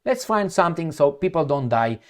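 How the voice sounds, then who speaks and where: A relaxed, chummy diplomat who talks to everyone like an old friend, as a commentator puts him on. The voice is easygoing and casual and stays close to the speaker's own. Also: male voice, fairly high pitch, fairly quick. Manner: easygoing, buddy-like. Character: friendly laid-back male diplomat, chummy.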